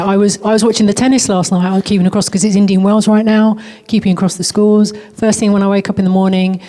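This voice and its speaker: A woman hosts a panel discussion in a warm, mellow voice. She chats through her own anecdotes before putting open questions to her guests. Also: medium pitch. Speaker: panel host, broadcaster. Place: conference hall.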